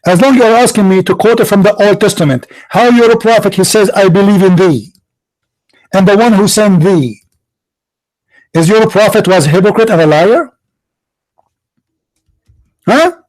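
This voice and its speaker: A man's voice: high voice, brisk, darkish tone, poor audio. A man hosting a religious debate show, mocking and confrontational, firing rhetorical questions in broken English. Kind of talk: combative religious debate monologue.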